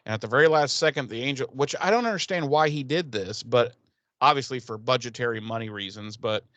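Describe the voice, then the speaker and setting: A man's voice: mid-range voice, brisk, a bit bright, dry recording, muffled recording. A man co-hosting a podcast, recapping a TV episode in casual chat, rambling and swearing with laughs. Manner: rambling, profane, laughing storyteller. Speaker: podcast co-host.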